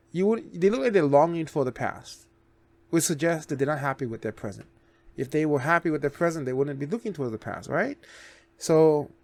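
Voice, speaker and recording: A man's voice: mid-range voice, a little mellow. A man hosting a reaction video, recapping a series in a loose, rambling way with restarts and casual swearing.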